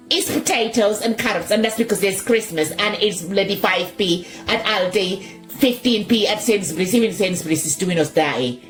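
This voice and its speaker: Exasperated woman on the verge of tears. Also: medium pitch. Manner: exasperated, exclaiming, close to tears. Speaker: shopper. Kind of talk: ranting social media vlog.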